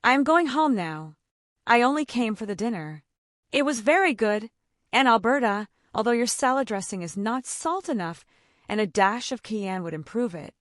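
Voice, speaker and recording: A bold, sharp-tongued young woman, as an audiobook narrator puts her on, throwing out tart retorts in a lively, raised voice. The delivery is dry and close, with no room around it. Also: a little high, moderate pace, no echo, voice pushed up, lightly acted. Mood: cool.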